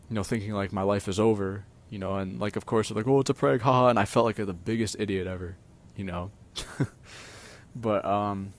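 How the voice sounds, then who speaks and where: A young man who streams, telling personal stories in a rambling, casual monologue with lots of fillers and swearing. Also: fairly low pitch.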